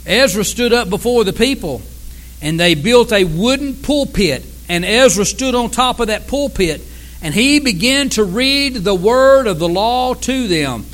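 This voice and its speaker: A man preaching a sermon as pastor, swinging from loud cries to hushed tones. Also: high-pitched, lively intonation, unhurried, low-quality recording. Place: church sanctuary.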